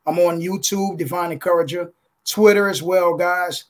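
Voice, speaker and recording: A man giving an emotional motivational testimony as a contributing author, preacherly, with repeated calls of "guys" and "listen", slowing down for emphasis, speaking on a video call. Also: high-pitched, fairly even intonation.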